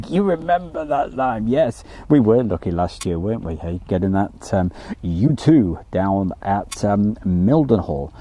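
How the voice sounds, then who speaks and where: A man's voice: on the low side, big pitch swings, a little slow, warm tone. A man hosting a casual live stream from outdoors by an airfield, chatty and joking as he reads out viewer messages.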